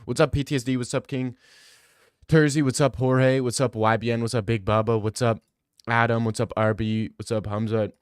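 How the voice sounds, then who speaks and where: A young man streaming and chatting casually with viewers. He talks in excited, fast bursts and often repeats himself. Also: mid-range voice, clean tone, dry recording, studio quality.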